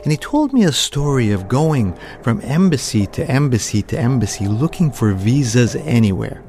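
A man telling a true story as a storyteller, in a measured, vivid way. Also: mid-range voice, sing-song, mellow, soft background music. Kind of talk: spoken storytelling.

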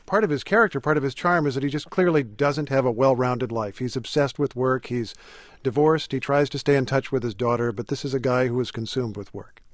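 A man hosting an interview at a middle pitch, measured and articulate in his questions. His voice sounds dry and close. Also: no echo. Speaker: interview host. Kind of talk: radio interview.

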